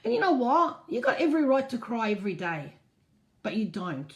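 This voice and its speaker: A woman's voice: fairly high pitch, sing-song, fairly quick, muffled recording. A woman hosting a casual live stream, reading out viewer comments and answering them frankly. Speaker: host.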